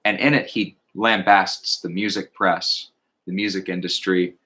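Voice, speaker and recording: A man in casual conversation about music, reflective and thoughtful, sometimes slowing to recite lyrics in a measured cadence. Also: low voice, steady tone, pushed and bright. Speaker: podcast co-host.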